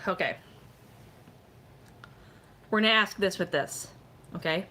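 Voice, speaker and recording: A woman's voice: fairly low pitch, takes it slowly, sharp tone. A middle-aged woman chatting casually on a live stream, rambling with lots of "like" and "you know" as she gives fortune readings.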